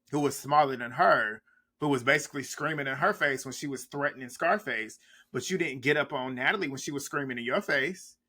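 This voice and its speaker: Blunt, bright-voiced man recapping reality TV. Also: fairly high pitch, creaky. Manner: blunt, animated, trash-talking. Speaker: reality show recap host. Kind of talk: casual reaction commentary.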